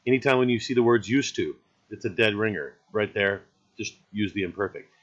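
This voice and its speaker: A man's voice: lowish voice, brisk, fairly bright tone, lo-fi sound. A man teaching a recorded grammar lesson in an easygoing, explanatory way, often checking in with "right?".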